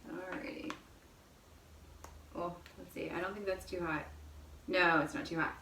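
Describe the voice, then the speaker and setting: A woman hosts a relaxed home cooking video, chatting her viewers through every step. Her mid-range voice is picked up by a camera mic set back in an echoey home kitchen. Steady background noise runs under her voice. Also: on the low side, a little slow, recorded from a distance. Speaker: cooking show host. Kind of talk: casual home cooking demonstration.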